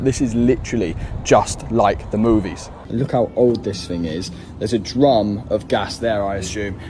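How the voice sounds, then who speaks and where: A man's voice: mid-range voice, background noise. A man in a casual walking vlog, amazed and chatty.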